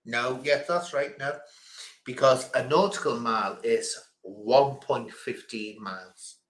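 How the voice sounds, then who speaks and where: A man's voice: medium pitch, takes it slowly, fairly bright tone, roomy sound. Chatty man hosting a quiz. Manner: chatty, rambling, chuckling asides. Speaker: quiz host. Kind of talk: casual live-stream quiz chat.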